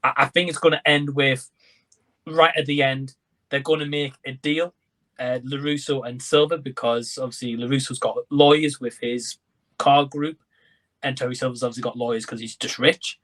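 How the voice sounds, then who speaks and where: Male podcast guest, mid-pitched, speculative and talky. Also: steady tone, normal speed, a bit bright. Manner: speculative, lays out predictions at length. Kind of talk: casual podcast chat.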